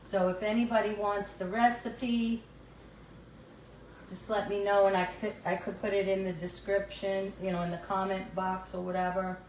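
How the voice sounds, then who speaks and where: A woman's voice: medium pitch, level tone, normal speed. An older woman with a New York accent hosts a casual cooking livestream from her home kitchen. She chats and laughs often while she cooks and talks to her phone. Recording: echoey room, faint background noise.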